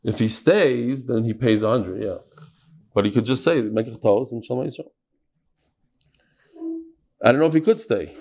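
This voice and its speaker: Guy teaching talmud, lively, keeps quizzing the room, mid-pitch voice. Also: moderate pace, pauses often. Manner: animated, quizzes students, mixes Hebrew and Aramaic terms. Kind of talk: daily Talmud class.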